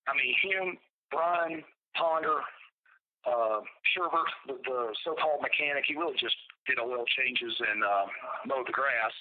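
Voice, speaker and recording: Man rambling over a tinny phone. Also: medium pitch. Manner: halting, rambling, frequent restarts, profane. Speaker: incarcerated interviewee. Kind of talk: recounting a personal story by phone. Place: prison. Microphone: prison telephone. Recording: tinny prison phone line.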